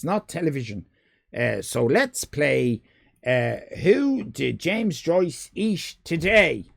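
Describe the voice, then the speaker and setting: Speaking slowly with vocal fry, this Irish man has a medium-pitched voice that swings widely in pitch. He rambles and jokes with his live-stream viewers in a casual way, greeting people in chat by name.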